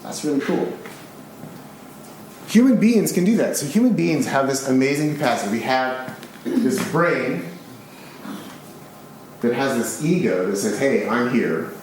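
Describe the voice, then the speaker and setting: Excitable man lecturing in an echoey hall. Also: medium pitch, a little slow, pauses often, slight background noise. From United States. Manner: excitable, animated, casually profane. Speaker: speaker giving a public talk. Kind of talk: live public lecture. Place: large concert hall with an audience. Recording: very echoey live hall recording.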